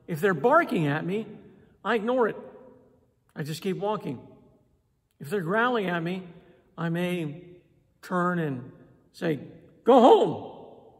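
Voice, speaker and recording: A man preaching a sermon in an animated way, acting out voices and pausing for emphasis. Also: high-pitched. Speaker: pastor. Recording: long hall reverb.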